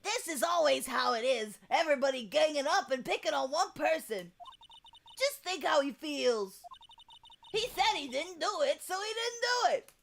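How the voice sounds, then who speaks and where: A woman's voice: sits high, animated, moderate pace, creaky, a bit bright, a little hiss or hum, pitched above the performer's own voice, full character voice. A woman voicing a stern, lofty little boy who acts as a lawyer, in a put-on British accent. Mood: haughty. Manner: lofty, scolding. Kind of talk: game dialogue read aloud. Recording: music playing underneath.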